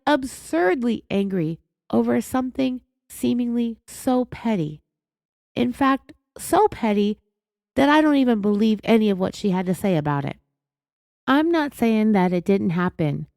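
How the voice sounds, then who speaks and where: A woman's voice: on the high side, gravelly, darkish tone, no room sound. A woman hosting a true-crime podcast, talking in a sarcastic, indignant and blunt way. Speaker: podcast host.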